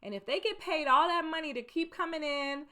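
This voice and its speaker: This is a woman in her thirties sharing workplace advice in a casual, talky way. Her tone is bright, and her soft voice leans toward sounding a little meek. She keeps returning to her main points and hammers them home. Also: sits high, a little fast. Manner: chatty, emphatic, repeats key advice. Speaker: vlogger giving career advice. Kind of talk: casual advice talk to camera.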